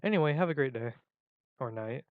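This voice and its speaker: A man's voice: medium pitch, lively intonation, a little fast, dry recording, phone-quality sound. A man in a casual vlog who rambles and jokes at his own expense. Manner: rambling, joking, self-mocking. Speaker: video creator.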